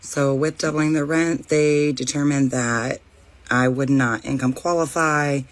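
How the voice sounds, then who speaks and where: A mother calmly and matter-of-factly recounting how she lost her home. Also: deep voice, measured pace. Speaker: parent sharing her story. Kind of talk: personal vlog.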